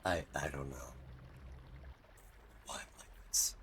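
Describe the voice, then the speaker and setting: A man's voice: very deep voice, slow pace, fairly bright tone, breathy edge. A young man streaming a game, chatting casually in a rambling, self-mocking way and laughing often. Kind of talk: casual chat while gaming.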